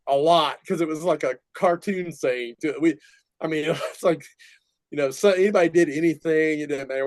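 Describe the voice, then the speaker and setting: A man's voice: fairly high pitch, no room sound. An older man, a metal musician guest, telling rambling stories in a casual interview and laughing often. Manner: rambling, laughing, animated retelling.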